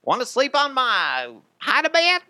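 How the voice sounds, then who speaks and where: A squeaky, high-pitched Cajun guy, as a man puts him on, yelling boasts and gushing over his best friend. The pitch jumps far above a normal speaking voice, and the voice swings wildly and stays loud. The sound is dry and close. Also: huge pitch swings, slow, no echo, heavily acted. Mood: giddy boasting. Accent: Cajun, put on. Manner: shrill, gushing, yelled boasts.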